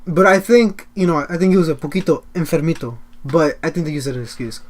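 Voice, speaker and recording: A man's voice: fairly high pitch, quick pace. A man telling a work story in casual podcast chat, blunt, swearing a lot and mocking customers. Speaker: podcast co-host.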